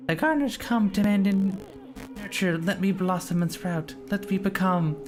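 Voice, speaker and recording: A man voicing an eerie creature that calls itself the gardener, in a slow, hushed, singsong way, with game music behind. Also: high-pitched, pitched above the performer's own voice, lightly acted.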